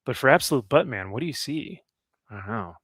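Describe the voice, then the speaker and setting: A man's voice: medium pitch, expressive, a little fast, fairly bright tone, no echo, studio quality. A man hosting a casual comic chat, rambling and upbeat, laughing often. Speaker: comic podcast host.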